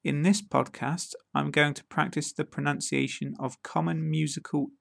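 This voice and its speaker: A man with a British accent teaching pronunciation, saying each word slowly and deliberately and repeating it twice. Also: on the high side, flat delivery, creaky, no echo, studio quality. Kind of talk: slow pronunciation drill.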